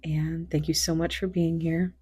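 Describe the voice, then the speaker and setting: A woman giving a casual tarot reading, hoarse from a recent illness, chatty and rambling, laughing often and dropping into whispered asides. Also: sits low, level tone, normal speed, darkish tone. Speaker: tarot reader.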